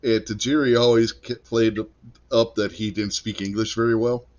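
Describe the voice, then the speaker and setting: A man's voice: fairly low pitch, moderate pace, lo-fi sound. A man co-hosting a casual podcast who tells stories and likes to act out the lines he quotes. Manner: animated storyteller, acts out quotes. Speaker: podcast co-host. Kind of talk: casual storytelling chat.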